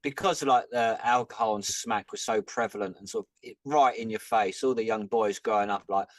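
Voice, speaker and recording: A man on a casual podcast working through a thought hesitantly, pausing to find his words. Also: on the low side, no room sound.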